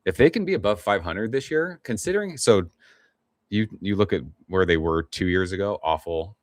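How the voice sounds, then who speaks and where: Very deep-voiced man in laid-back chat. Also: lively intonation, normal speed, no room sound, studio quality. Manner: laid-back, rambling, swears casually, reads chat aloud. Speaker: livestream host. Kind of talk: casual live-stream chat.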